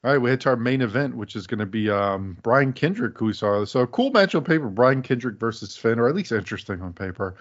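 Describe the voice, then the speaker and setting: A man's voice: medium pitch, expressive, fast talker, hardly any pauses, lo-fi sound. A man casually chatting as a podcast co-host, rambling with frequent laughs and fillers. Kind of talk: casual chat reviewing wrestling.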